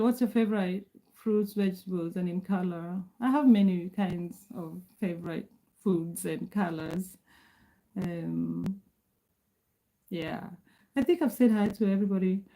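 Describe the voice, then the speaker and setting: Woman in her 40s from kenya chatting on a livestream, reading names off the chat, calm and mellow. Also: medium pitch, poor audio. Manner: reads out viewer names and answers chat; calm, measured speech. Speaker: livestream host.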